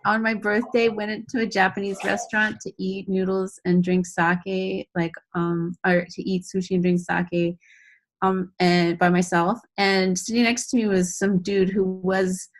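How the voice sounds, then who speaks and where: Bubbly excited woman telling a story. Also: medium pitch, unhurried. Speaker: call participant. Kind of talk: casual check-in on a video call.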